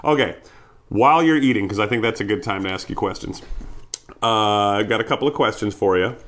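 Low-voiced playful church co-host man. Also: fast, a bit bright. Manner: playful, laughs often, reads out viewer questions. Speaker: church live-stream co-host. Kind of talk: casual chat.

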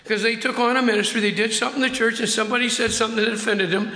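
In a church sanctuary whose long reverb makes the hall ring, an older pastor preaches very fast in a high, bright, steady voice. He acts out the quotes and drags out key words for emphasis.

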